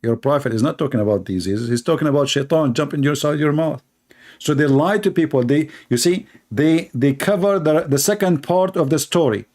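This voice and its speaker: A man's voice: a little high, brisk, a little mellow. Mocking man in broken English. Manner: mocking, sarcastic; non-native English grammar. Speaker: religious debater. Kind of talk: polemical monologue.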